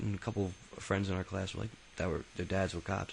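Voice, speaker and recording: Man, deep and gravelly, telling his memoir off the cuff: rambling, profane, full of ums and restarts. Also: flat delivery, fast, few pauses, slight background noise, low-quality recording. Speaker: autobiography narrator. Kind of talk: casual spoken memoir.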